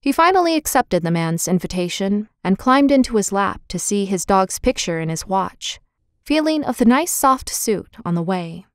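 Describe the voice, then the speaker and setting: A woman's voice: mid-range voice, big pitch swings, normal speed, no echo, clean studio sound. Woman narrating a children's storybook. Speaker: audiobook narrator.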